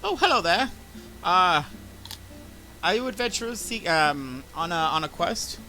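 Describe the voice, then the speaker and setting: A man's voice: sits high, big pitch swings, unhurried, bright, forceful tone, a little hiss or hum, full character voice, low-quality recording. A man voicing a friendly, fussing oasis front-desk clerk who stumbles politely over his questions. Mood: welcoming.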